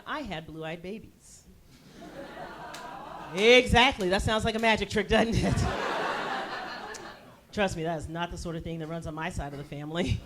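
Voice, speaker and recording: A woman in her forties, speaking, works a stand-up crowd on a theater stage. Her voice sits fairly low, and her delivery is brassy and punchy, with sudden loud bursts. A faint hiss runs underneath. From United States. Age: 40s. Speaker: stand-up comedian. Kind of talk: stand-up comedy set.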